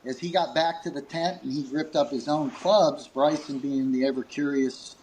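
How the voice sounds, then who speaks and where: A man's voice: normal speed, background noise. A man who runs a grip company, telling a long story in an interview, acting out quoted lines and chuckling between fillers. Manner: animated, acts out quoted dialogue with pitch jumps.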